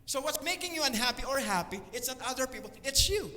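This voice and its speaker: A man's voice: very high voice, lively intonation, fast, pushed and bright. A man with a Filipino accent preaching a teaching sermon. He talks in an earnest, teacherly way, often checks in with "okay?" and acts out everyday complaints in quoted voices. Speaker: speaker at a church service. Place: church hall. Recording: long church hall reverb.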